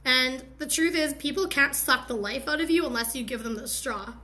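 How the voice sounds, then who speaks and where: A woman's voice: sits high, moderate pace, bright, forceful tone. A young woman hosting a live stream, giving a candid, heartfelt motivational talk with slangy asides.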